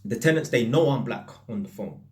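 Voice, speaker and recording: At a fairly quick pace and a medium pitch, a British electrician shares lively, casual anecdotes with the camera. London street slang runs all through his accent.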